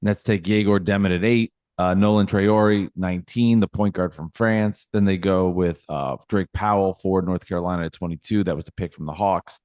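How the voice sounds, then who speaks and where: A man's voice: deep voice, steady tone, normal speed, few pauses, a little mellow, dry recording, clean studio sound. A man co-hosting a sports talk podcast, talking emphatically and ranting about his team's fans. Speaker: podcast co-host.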